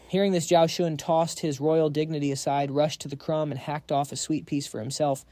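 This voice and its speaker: A man's voice: a little high, steady tone, fairly quick, hardly any pauses, mellow, dry recording. A man narrating a story recap in a dramatic, breathless storytelling manner.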